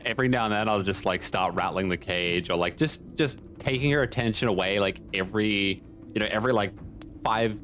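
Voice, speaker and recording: A man's voice: lowish voice, a bit bright, slight background noise. A man playing a tabletop game, rambling through his plan with many fillers. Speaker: player.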